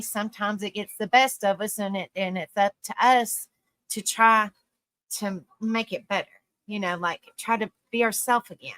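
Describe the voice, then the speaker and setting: A woman's voice: medium pitch, bright, forceful tone, dry recording. A woman hosting a live online panel, talking casually and earnestly in a rambling way, full of "you know" fillers. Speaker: live-stream panel host. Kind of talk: casual live-stream talk.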